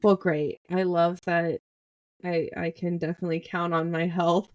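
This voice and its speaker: A woman's voice: lowish voice, little pitch movement, a little mellow, dull audio. A young American woman co-hosting a casual book podcast, teasing her co-host playfully. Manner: playful teasing, drawn-out delivery. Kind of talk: casual book-club chat.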